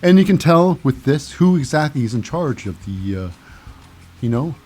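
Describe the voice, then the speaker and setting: Guy rambling through a wrestling recap, fillers everywhere, bit husky, kinda high voice. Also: big pitch swings, normal speed, darkish tone, soft background music. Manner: rambling, lots of fillers and self-corrections. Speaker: recap show host.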